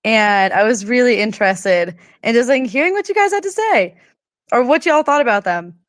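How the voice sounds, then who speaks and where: A woman co-hosts a casual podcast, upbeat and chatty, and says "like" often. Her voice is a little high and slightly hoarse after a sore throat. It is recorded dry, with no room sound. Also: animated, moderate pace, no room sound. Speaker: podcast co-host.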